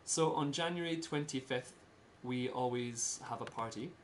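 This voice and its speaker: A Scottish man giving a casual talk to a small group, in simple slow words and laughing often. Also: mid-range voice, slight background noise. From Scotland. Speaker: presenter giving a talk about Scotland.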